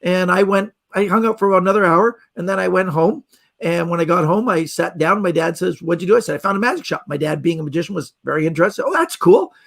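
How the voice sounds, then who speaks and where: Middle-aged Canadian man, high register, lively anecdote-teller, podcast chat. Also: fast talker, vocal fry. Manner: animated storyteller acting out quoted voices. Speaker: magician guest. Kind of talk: casual storytelling on a podcast.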